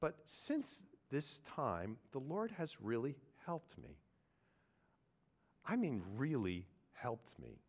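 A man preaching a sermon, earnest, moving from quiet reflection to loud, emphatic points. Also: medium pitch, wildly swooping pitch, takes it slowly. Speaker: pastor.

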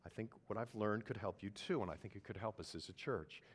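A man preaching a sermon, earnest, moving from quiet reflection to loud, emphatic points. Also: fairly low pitch, brisk, breathy edge. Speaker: pastor.

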